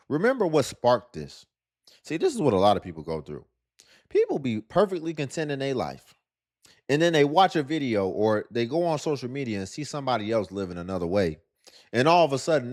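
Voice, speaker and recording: A man's voice: medium pitch, a little mellow. A man giving sarcastic, lecturing reaction commentary on a video clip.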